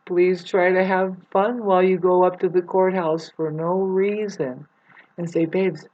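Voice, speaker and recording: A woman rambles through a spiritual monologue with plenty of swearing, her voice a touch low. She drifts from soft asides to loud bursts. The recording is dull and lo-fi. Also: fairly even intonation, a little slow. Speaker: vlogger.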